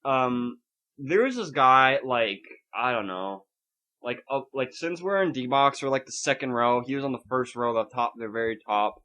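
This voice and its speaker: The young man is a podcast co-host with a mid-range voice and moderate pace, telling a rambling story during casual chat. He swears a lot, stays animated, and plays out the scenes.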